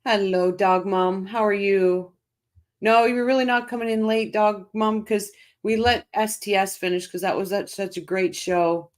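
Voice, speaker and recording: A woman's voice: medium pitch, level tone, a little slow. A chatty middle-aged woman hosts a casual livestream. She reads out viewer comments and talks them over, often stopping and restarting her sentences. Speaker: livestream host.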